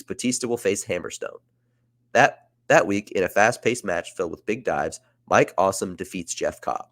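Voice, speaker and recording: With a lowish voice and no room sound, this man is captured in clean studio audio. Hosting his podcast, he chats about wrestling storylines he once booked, relaxed and filler-heavy.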